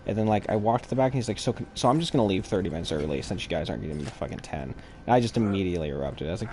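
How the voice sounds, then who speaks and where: Profane low-voiced man telling stories, noisy stream. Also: racing, hardly any pauses. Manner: profane, animated storytelling with acted quotes. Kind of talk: casual chat while gaming.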